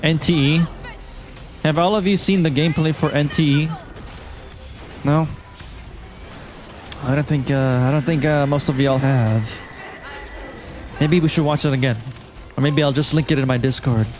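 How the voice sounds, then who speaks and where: Brief: man from Malaysia, casual game-stream chat, slightly high voice, faint music behind. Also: normal speed, long pauses. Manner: relaxed, chatty, reads and answers chat.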